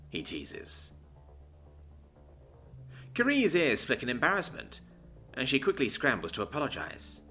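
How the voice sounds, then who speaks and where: A man narrating a story in an expressive, lively reading. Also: fairly low pitch, normal speed, long pauses, soft background music.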